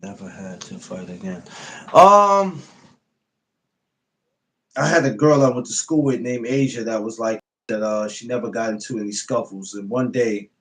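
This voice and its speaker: A man's voice: fairly low pitch, low-quality recording. A man telling stories in a laid-back casual podcast chat. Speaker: podcast co-host.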